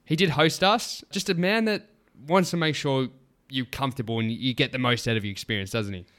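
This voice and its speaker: A middle-aged man co-hosting a podcast, telling travel stories in a casual, animated and teasing way. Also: medium pitch, fairly quick. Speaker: podcast co-host, father. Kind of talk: casual storytelling chat.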